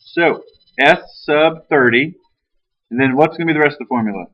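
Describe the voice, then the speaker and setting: A male math teacher leads a classroom lesson, talking casually and teasing his students. His voice sits a little high at a normal speed, captured in a dull lo-fi classroom recording.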